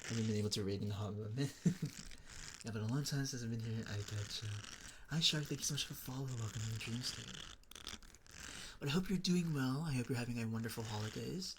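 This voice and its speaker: Male ASMR streamer, easygoing chat with viewers, mid pitch, lots of filler words, greets people by name. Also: fast talker, background noise. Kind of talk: casual live-stream chat.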